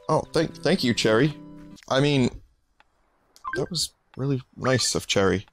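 A man doing let's-play commentary, sarcastic and rambling with plenty of swearing. His voice sits at an ordinary middle pitch, with cheerful game music clearly running underneath. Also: expressive, unhurried, long pauses. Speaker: streamer.

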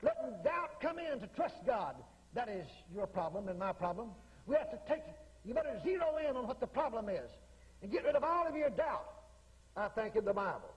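A male preacher tells stories in a folksy way, repeating his phrases again and again. His voice sits high and swings widely, with a rough, husky grain. The sound carries a long reverb from a large church hall. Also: darkish tone. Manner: folksy, repetitive, acts out quotes. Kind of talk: sermon storytelling.

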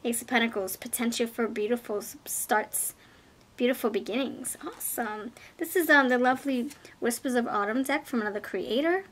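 Excitable upbeat woman reading tarot. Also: on the high side, normal speed. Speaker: tarot reader. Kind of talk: casual pick-a-card tarot reading.

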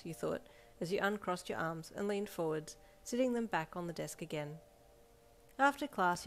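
A woman's voice: fairly low pitch, noisy background. A woman reading a fan story aloud in scripted narration. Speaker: fanfiction reader. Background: soft backing music.

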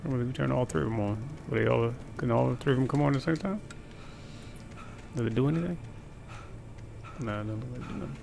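A man's voice: mid-range voice, fairly quick, gravelly, long pauses, background noise. A man playing a horror game and commenting casually, reacting with sudden exclamations and chatty asides. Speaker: gamer. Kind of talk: let's play commentary. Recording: game sound loud behind the voice.

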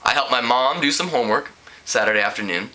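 Shy teen girl, soft and hesitant, man reading her, bright voice. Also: medium pitch, quick pace, lightly acted, poor audio.

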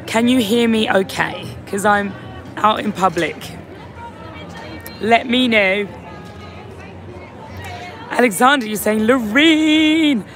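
A hoarse, tired woman hosting a casual live-stream chat outdoors outside a venue, reading out viewer comments into a phone held at arm's length. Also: on the high side, slow pace, pauses often, music in the background. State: hoarse, lost voice. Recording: crowd noise on a busy street.

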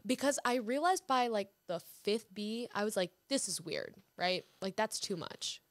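21 yr old woman joking around on a podcast, bouncy pitch all over, dry close sound. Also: animated, a bit bright, dry recording. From Houston, Texas. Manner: playful, teasing, quick to joke. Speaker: guest actress. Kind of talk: casual podcast chat. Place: host's apartment.

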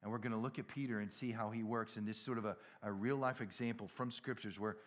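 A middle-aged man with a Southern American accent, preaching in a casual, storytelling way that acts out dialogue, jumping from loud and high to hushed and low. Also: steady tone, quick pace. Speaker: pastor. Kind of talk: sermon.

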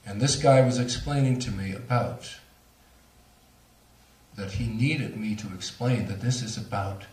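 A man, a speaker on near-death experiences, telling a story to a lecture audience with animated, laughing delivery. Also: on the low side, a little slow, echoey room, recorded from a distance. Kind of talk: storytelling at a talk.

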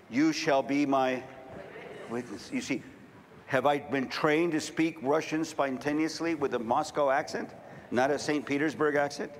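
A middle-aged man preaching a sermon, telling stories and building to fervent shouting. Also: mid-range voice, slight background noise. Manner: storytelling, rising to fervent shouting.

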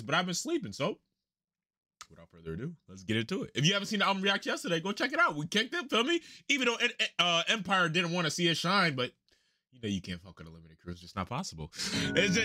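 A man hosting a music reaction video, talking in excitable, slangy, casual commentary with frequent laughs and repeated words. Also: high voice, fast.

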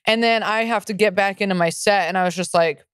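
Young woman comic, podcast co-host, smooth voice, dry close mic, swears a lot. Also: medium pitch, fairly quick, no room sound. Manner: profane, riled-up ranting. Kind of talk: ranting casual chat.

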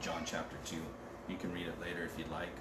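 A man's voice: low voice, monotone, fast. A man preaching a conversational sermon as pastor, joking casually and reading scripture aloud. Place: church. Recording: roomy and distant with background noise.

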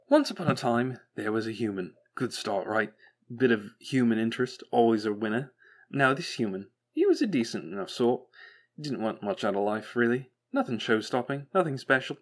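A man voicing a manic, chattering male robot who rambles flippantly and bitterly, jumping high in pitch when excited. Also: moderate pace. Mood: mock storytelling. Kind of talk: audiobook character voice.

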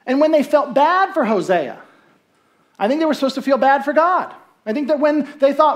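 A pastor with a high-pitched, expressive voice preaches fairly quickly in a church sanctuary. His sermon is easygoing and conversational, and he checks in with the congregation through rhetorical questions and briefly acts out the voices of people in the story.

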